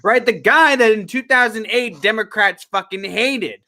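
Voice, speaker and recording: A man's voice: high-pitched, moderate pace, bright, forceful tone. A man co-hosting a casual political podcast, talking in a sarcastic, profane way. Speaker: podcast co-host.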